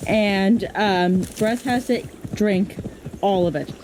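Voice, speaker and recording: A woman co-hosting a reaction stream as a historian, explaining a legend in casual, measured chat. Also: medium pitch, noisy background.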